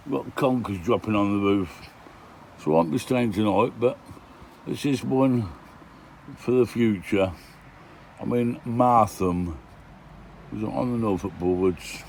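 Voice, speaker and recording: Low-ish and a little mellow with vocal fry, an older man narrates a casual travel vlog, grumbling asides capped with "eh?". This van life vlogger films handheld outdoors and in his van while touring villages; slight background noise is audible.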